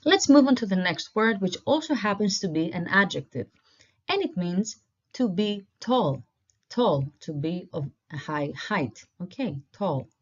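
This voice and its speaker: A woman teaching an online language lesson, patiently repeating each word slowly for learners. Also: mid-range voice, very animated, breathy edge. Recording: dull lo-fi recording.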